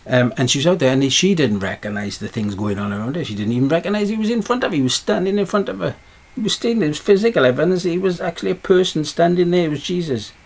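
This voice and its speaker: A man's voice: on the high side, expressive, fast talker, few pauses. A man preaching a sermon, pressing his points with repeated rhetorical questions.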